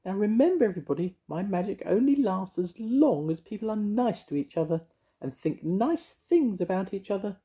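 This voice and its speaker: An older man voicing a fussy, cooing fairy woman in a high falsetto for a storybook reading. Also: expressive, moderate pace, warm tone. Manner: cooing, sing-song.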